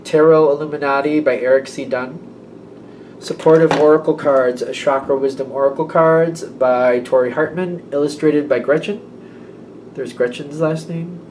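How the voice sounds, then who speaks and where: A tarot reader gives a casual reading, rambling and correcting himself, often voicing the listener's imagined thoughts aloud. His voice is on the high side, fairly even in intonation, a little slow and a little mellow. The recording is low quality, with a bit of hiss or hum.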